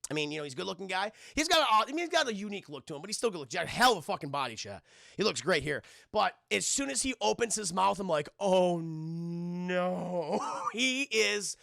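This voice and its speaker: A man streaming a casual film review, animated and profane, constantly talking to his chat. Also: sits high, very fast, gravelly, dry recording, studio quality.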